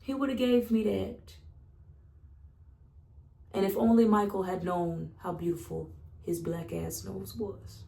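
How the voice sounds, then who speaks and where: A woman's voice: medium pitch, fairly even intonation, unhurried, vocal fry, pauses often, warm tone. Blunt, profane woman, echoey room. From Southern United States. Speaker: vlogger. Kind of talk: candid casual monologue.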